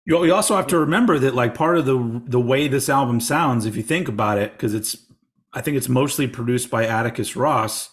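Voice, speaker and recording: A man's voice: mid-range voice, fairly quick. A man co-hosting a casual music talk, telling anecdotes animatedly and laughing a lot. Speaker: podcast co-host. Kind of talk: casual music chat, storytelling.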